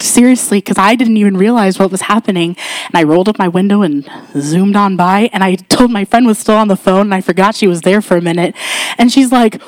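A woman in her thirties telling a church story as a casual testimony, chatty and animated, jumping up in pitch for quoted voices. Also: brisk, dry recording. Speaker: church member sharing a testimony.

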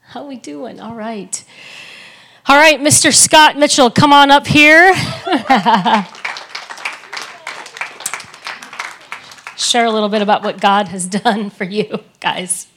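A woman's voice: a little high, extremely slow, pauses often, a bit bright. A woman hosting a church service, upbeat and encouraging as she calls people up. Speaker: church host. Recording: noisy church hall with crowd.

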